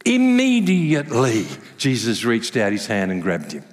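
A male pastor preaching a sermon at a church service, conversational and self-deprecating, telling stories with lively humor. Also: on the low side, normal speed. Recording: long hall reverb.

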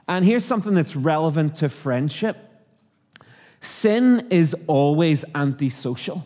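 Northern Irish preacher in a reverberant hall. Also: male voice, a little high, warm tone. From Northern Ireland. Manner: conversational, asks the congregation questions. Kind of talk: sermon. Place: church auditorium.

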